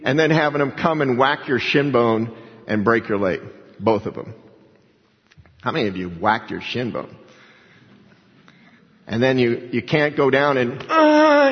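A man preaching a sermon in a big echoing church, his voice carrying a long hall reverb. The sound is a bit dull and muffled. He swings between raised, emphatic lines and hushed asides. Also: medium pitch. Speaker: pastor.

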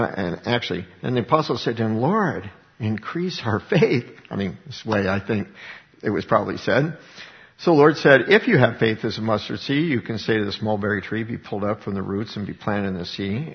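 A man with a fairly low, gravelly voice preaches to his congregation. He reads scripture, then unpacks it in plain, conversational talk full of rhetorical questions. His voice rings with a long reverb in a church hall, captured on a dull, lo-fi recording. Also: fairly quick. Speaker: pastor. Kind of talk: sermon.

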